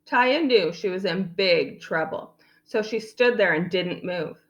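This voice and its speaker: A woman reading a picture book aloud in an animated way, adding playful asides. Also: mid-range voice, measured pace, muffled recording. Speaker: storyteller.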